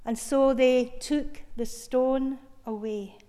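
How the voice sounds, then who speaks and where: A woman preaching a sermon, retelling a story in a measured way and stressing key words with feeling. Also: high-pitched, fairly even intonation, mellow. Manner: slow, measured retelling with emphatic, heartfelt stresses. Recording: long reverb of a large hall.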